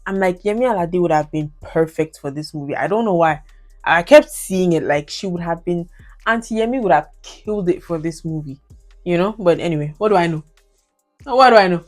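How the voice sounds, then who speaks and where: Chatty Nigerian woman with a low voice. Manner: chatty, laughs often, slips into Nigerian Pidgin. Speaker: YouTube movie reviewer. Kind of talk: casual commentary on her old reviews.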